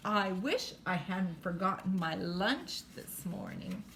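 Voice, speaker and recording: A woman voicing a forgetful little boy in a read-aloud storybook, answering in slow, sheepish tones. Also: lowish voice, big pitch swings, gravelly, fairly bright tone, echoey room, a little hiss or hum, full character voice.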